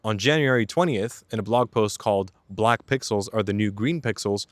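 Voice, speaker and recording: A man's voice: fairly low pitch, normal speed, dry recording. A young man narrating a scripted video essay as its host, mixing storytelling with wry, casual joking asides. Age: young adult.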